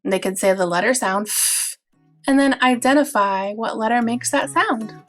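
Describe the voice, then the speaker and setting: A woman teacher explaining early reading games for parents in an instructional video, patient and clear, drawing out example words. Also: on the high side, brisk, soft background music.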